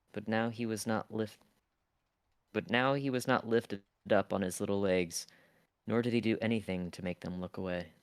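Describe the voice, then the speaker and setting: Here a streamer with a very low, clean voice casually reads from a classic novel, occasionally stumbling and restarting lines and tossing in blunt asides. Because he's close to the mic, the recording is entirely dry with zero room echo.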